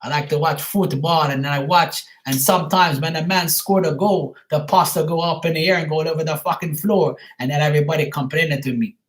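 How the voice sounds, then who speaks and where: A man's voice: on the high side, fairly even intonation, brisk, few pauses, close to an everyday voice. A man voicing a boastful Italian pizza cook in jokey broken English with a put-on Italian accent.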